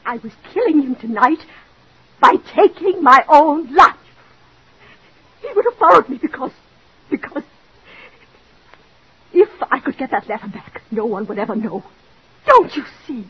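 A heavily acted performance from a 1940s radio drama, heard on a dull old recording, features a woman as a pleading, overwrought, jealous wife in desperation. Her fairly high voice is very animated and slightly rough, with a moderate pace and frequent pauses.

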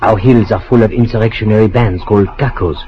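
A man's voice: fairly low pitch, steady tone, fast talker, close to an everyday voice. Male actor as suave cynical doctor, dry delivery, dull vintage radio with faint hiss. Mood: earnest. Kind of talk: old-time radio drama.

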